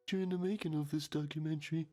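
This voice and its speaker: An actor playing a solemn male TV documentary narrator, deadpan and grave. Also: a little high, quick pace, lightly acted.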